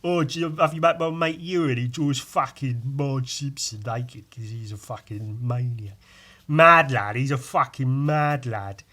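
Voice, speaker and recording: A man voicing a brash, crude geezer who mocks and swears loudly. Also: mid-range voice, a little slow. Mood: mocking. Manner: loud, swearing, mocking.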